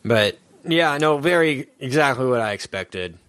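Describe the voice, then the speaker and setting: A man's voice: medium pitch, lively intonation, unhurried, a bit bright, no echo. Dry, sarcastic man in casual chat. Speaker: podcast co-host.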